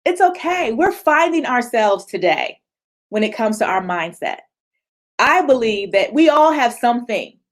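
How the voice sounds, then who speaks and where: Woman speaker, slightly high voice, lively motivational talk over a video call. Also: a little slow. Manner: animated, acts out voices of others, laughs often. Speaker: speaker at a virtual retreat.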